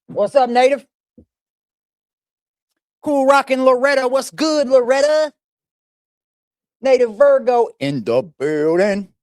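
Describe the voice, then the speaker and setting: A man's voice: very high-pitched, expressive, takes it slowly, long pauses, a little mellow, no room sound, studio quality. A man hosting a live stream in a casual, playful way, greeting chat viewers one by one.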